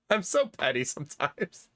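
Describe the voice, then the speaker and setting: A man streaming live, chatting casually with his viewers, animated and laughing often, with some swearing. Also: a little high, a little slow, no room sound, clean studio sound.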